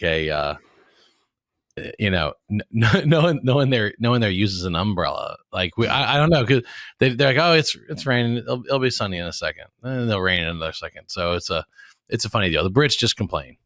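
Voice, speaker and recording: A man's voice: lowish voice, a bit bright, no echo, studio quality. A man in his forties hosting a podcast in casual chat, rambling and jokey and often restarting his words. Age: 40s. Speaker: podcast host.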